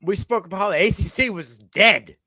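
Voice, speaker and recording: A male co-host giving animated, profane takes on a sports talk livestream. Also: sits high, a little fast, dry recording, studio quality.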